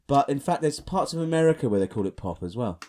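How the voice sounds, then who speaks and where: Rambling man with a lively voice. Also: mid-range voice, fast, no room sound. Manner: rambling, chatty, self-narrating. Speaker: podcast co-host. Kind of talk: comedic podcast banter.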